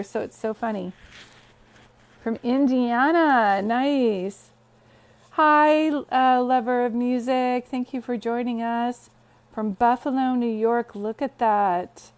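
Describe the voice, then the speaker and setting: A talkative woman sits on her bed and hosts a livestream, greeting viewers one by one. Her voice sits a little high, and she drifts easily into personal stories. It sounds like a phone recording. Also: a little mellow. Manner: chatty, greets viewers, storytelling. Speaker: psychic medium livestream host. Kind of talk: casual livestream chat. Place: bedroom, sitting on bed.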